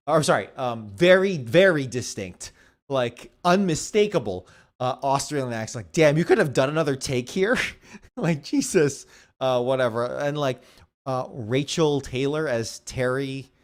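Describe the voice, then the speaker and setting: A man co-hosting a movie podcast, talking in a laid-back, jokey way with loose phrasing. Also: medium pitch. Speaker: podcast co-host. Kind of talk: casual movie review chat.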